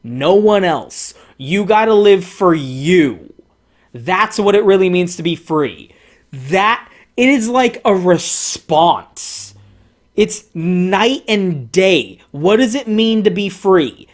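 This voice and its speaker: A man's voice: sits high, animated, takes it slowly. A man reading as an earnest hedgehog hero. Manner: earnest, preachy delivery. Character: cocky young male hedgehog hero, earnest.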